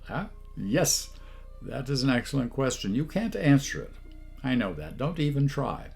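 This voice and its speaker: A man's voice: mid-range voice, big pitch swings, moderate pace, creaky, darkish tone, soft background music. A man hosting a comedy channel, talking down to his viewers in a haughty, put-on posh voice as a mock-pompous monologue.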